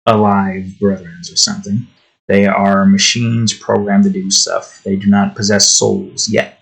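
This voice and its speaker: A tired young man from New Jersey streams himself drawing, rambling and ranting casually. His frustrated rant meanders with frequent restarts. His voice is lowish and the audio quality is poor.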